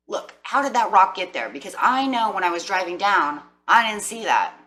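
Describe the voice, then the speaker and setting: Heard on a rough recording, this woman's mid-range voice carries a lively, conversational tarot reading. She frequently plays out what people tell themselves as she chats with her audience.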